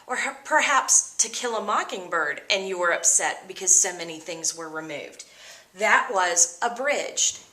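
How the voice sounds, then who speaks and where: Bright-voiced woman teacher, echoey room. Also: medium pitch. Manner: expressive, upbeat explanations. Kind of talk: vocabulary lesson.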